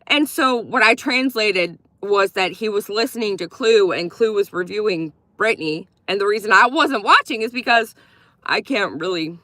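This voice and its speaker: Blunt, forceful woman livestreamer. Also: medium pitch, lively intonation, moderate pace, dry recording. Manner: blunt, profane and opinionated; reacts warmly to viewer gifts. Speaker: livestream commentator. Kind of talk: casual livestream commentary.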